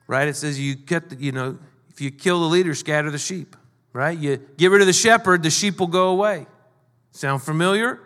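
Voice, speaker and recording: Animated high-voiced male preacher in a hall. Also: normal speed. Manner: animated, acts out quoted lines. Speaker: pastor. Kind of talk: sermon.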